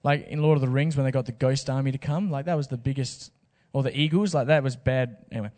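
A man preaching a sermon. He talks casually and jokes with slang asides, in a voice of ordinary pitch for a man. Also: fairly even intonation, fast, few pauses, a little mellow, long reverb tail. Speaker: pastor.

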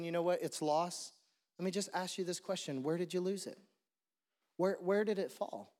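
A man's voice: high voice, darkish tone, big-room sound. A man preaching a sermon as pastor, conversational and repeating his questions for emphasis. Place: church.

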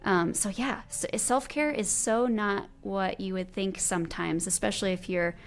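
A woman's voice: mid-range voice, normal speed, faint music behind. A woman in her thirties hosting a podcast, chatting in an enthusiastic, affirming way. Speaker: podcast host. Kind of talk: casual interview chat.

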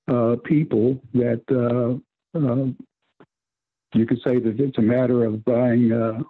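A man preaching on a radio Bible program, talking in halting bursts with many restarts and tag questions. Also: medium pitch, vocal fry, breathy edge, no echo. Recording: tinny phone-line radio broadcast.

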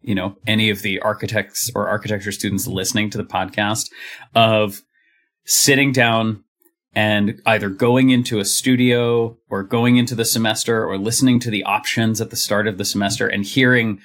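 A man's voice: on the low side, little pitch movement, normal speed, fairly bright tone. A man, a guest on a podcast, speaking thoughtfully with many fillers. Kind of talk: podcast interview.

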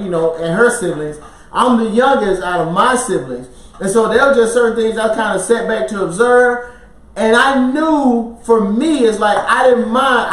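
A podcast co-host with a high-pitched, fairly bright voice shares a personal story in casual chat, acting out quotes and laughing often. The sound is roomy, with the mic at a distance.

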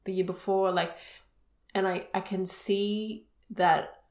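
A woman's voice: medium pitch, level tone, takes it slowly, darkish tone. A young adult woman co-hosting a podcast, talking earnestly and openly in casual chat, with lots of "like" fillers. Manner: earnest and open, many "like" fillers. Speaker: podcast co-host. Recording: roomy echo.

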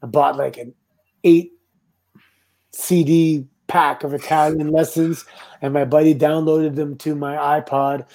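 A middle-aged Canadian man, a former wrestler, telling relaxed anecdotes with laughs as a guest. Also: on the high side, unhurried, a little hiss or hum. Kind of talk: casual storytelling.

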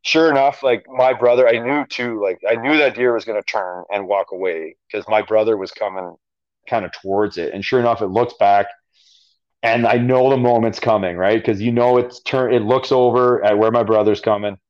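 A man from Alberta, Canada, with a Canadian accent and a lowish, fairly even voice at normal speed, appears as a podcast guest. He tells a story casually, packed with fillers, and the audio is dull and lo-fi.

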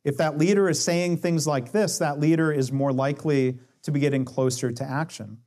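Pitched on the high side with a slightly mellow tone, a man speaks at normal speed with fairly even intonation. He gives a conversational talk on coaching and lean management, shifting his pace and acting out quoted dialogue to explain his points.

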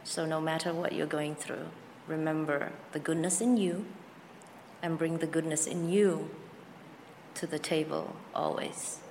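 A woman guest in an interview, speaking slowly and earnestly with an inspirational tone. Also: low-pitched, steady tone, a little mellow, a little hiss or hum. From foreign to the Philippines. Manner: slow, earnest and inspirational, with frequent laughs. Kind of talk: heartfelt interview answers. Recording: echoey room with faint background.

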